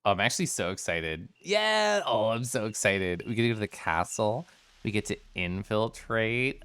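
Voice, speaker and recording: A man's voice: on the low side, very animated, normal speed, a bit bright, smooth, dry recording. A man streaming a game, chatting casually in a bubbly, giggly, theatrical way. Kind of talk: casual livestream chat over gameplay.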